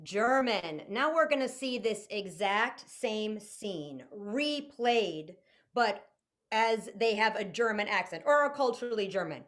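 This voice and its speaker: A woman's voice: mid-range voice, expressive, unhurried, a bit bright. A woman hosting and refereeing a live improv comedy match with playful announcements. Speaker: referee host.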